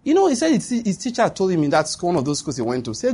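Husky pastor preaching. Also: male voice, sits high, huge pitch swings, fast, few pauses, a little mellow. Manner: emphatic, repetitive declarations with bursts of laughter. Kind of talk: sermon. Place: church with a congregation answering.

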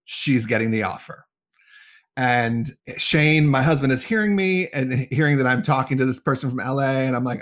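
A man's voice: mid-range voice, moderate pace. A middle-aged man, a talent agent, telling a story in a casual interview and acting out the quoted dialogue. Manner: animated, acts out quoted dialogue.

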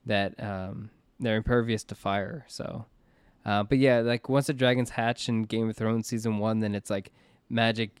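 A man with a smooth, resonant voice hosts a casual podcast chat. He rambles along and keeps restarting his sentences. The sound is close and dry, with no room in it. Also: on the low side, fairly even intonation, moderate pace, no room sound. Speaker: podcast host.

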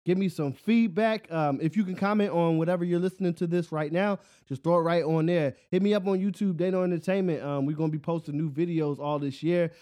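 A man hosting a solo podcast, rambling in a casual, animated rant, often laughing at his own jokes and asking "you know what I'm saying". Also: fairly high pitch, brisk, few pauses. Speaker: podcast host.

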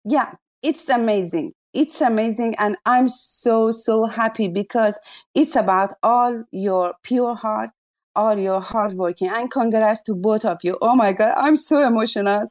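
A woman's voice: on the high side, steady tone, unhurried. A woman hosting a live audio chat, effusive and exclaiming often, speaking in broken non-native English.

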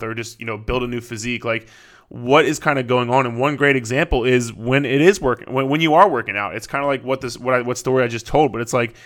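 A man's voice: medium pitch, fairly bright tone. A young man hosting a fitness podcast, talking in a casual, profane, rambling way with lots of fillers and restarts. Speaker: fitness coach and podcast host.

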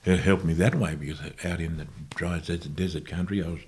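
A man, a guest musician, recalling his past in a casual interview with unhurried, halting, self-correcting speech. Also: low voice, fairly even intonation, a little mellow. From Australia.

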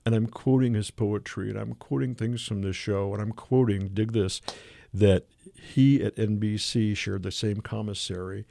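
A man telling a lively anecdote as a radio guest, acting out the people he quotes. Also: fairly low pitch, normal speed, gravelly. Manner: animated anecdote teller who acts out the people he quotes. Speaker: guest artist and illustrator. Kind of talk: radio interview storytelling. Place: radio studio.

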